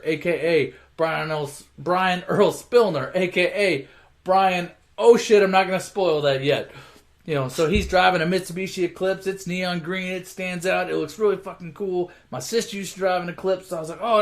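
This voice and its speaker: A man retelling a movie plot in a casual, rambling way, with lots of swearing and filler words. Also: high-pitched. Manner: rambling, profane, full of fillers. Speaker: storyteller.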